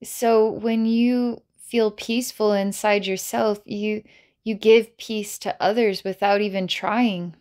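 A woman's voice: mid-range voice, fairly even intonation, slow, darkish tone. A woman psychic healer narrating a guided healing session, talking playfully with giggles and many filler words.

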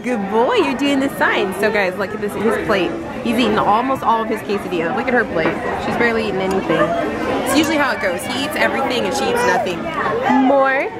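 Her voice is a little high and sing-song, and she talks quickly. A young mom vlogging with her kids in a casual family video, she's chatty, playful and quick to laugh, shooting handheld while loud crowd and street noise surround her.

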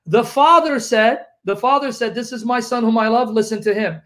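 A man's voice: very high voice, moderate pace, bright, forceful tone. A man debating heatedly, accusing his opponent of lying and reading scripture aloud to refute him. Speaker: Christian debater.

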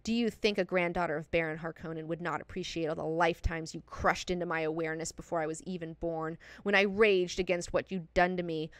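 A woman voicing a menacing young woman who slowly and coldly taunts her own mother. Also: on the low side, steady tone, dry recording, pitched below the performer's own voice, lightly acted. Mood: cold, scornful.

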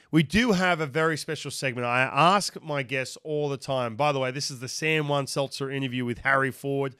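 A man's voice: fairly high pitch, dry recording, clean studio sound. Chatty Australian man hosting a podcast. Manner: animated, chatty, lots of filler and restarts. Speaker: podcast host. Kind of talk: casual interview chat.

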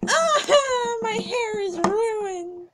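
A woman doing a shrill, panicky pony girl. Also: takes it slowly, a bit bright, slight background noise, full character voice. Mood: wailing. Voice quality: shrill, pleading wails. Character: frantic pony girl dreading a haircut. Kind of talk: homemade toy pony skit.

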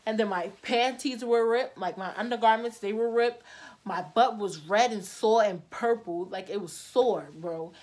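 A young adult woman vlogger telling stories in casual, slangy chat, acting out the quotes with lively energy. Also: mid-range voice. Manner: slangy and animated, acts out quotes.

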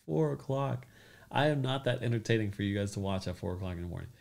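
Creaky-voiced man hosting a chatty stream. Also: on the low side, flat delivery, quick pace, a little mellow. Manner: loose, joking, greets commenters by name. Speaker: crypto livestream host. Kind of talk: casual livestream chat reading comments.

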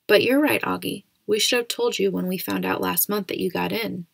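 A woman voicing a protective, easygoing father in a storybook reading, speaking softly and soothingly. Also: mid-range voice, steady tone, a little fast, creaky, slightly rough, no room sound. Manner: soft, soothing.

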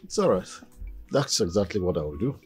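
An actor playing a mild, agreeable visiting friend. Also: male voice, low-pitched, sing-song, brisk, husky, faint music behind, full character voice. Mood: agreeing. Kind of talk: Nollywood film acting.

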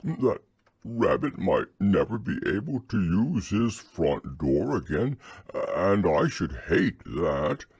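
A man plays a gentle, gloomy teddy bear from a storybook, talking very slowly and anxiously in a low, husky voice. The bear sounds close and dry, sniffling between words. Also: sing-song, no room sound, full character voice.

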